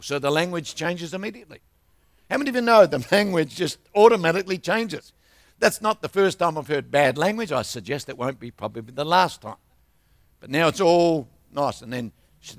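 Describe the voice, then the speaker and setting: A man's voice: fairly high pitch, a bit bright, no echo. An older man, preaching a sermon as a travelling minister, telling stories and asking the congregation for responses.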